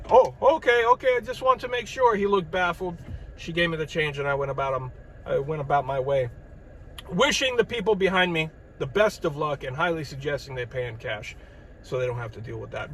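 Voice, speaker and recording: A man's voice: a little high, a little hiss or hum, poor audio. Joking man telling a story outdoors. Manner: animated, joking storyteller acting out dialogue. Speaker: channel host. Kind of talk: casual storytelling vlog.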